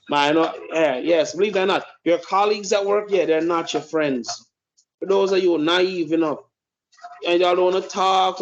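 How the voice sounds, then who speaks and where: Blunt ranting man. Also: sits high. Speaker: podcast host. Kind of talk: opinionated commentary. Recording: dull lo-fi recording.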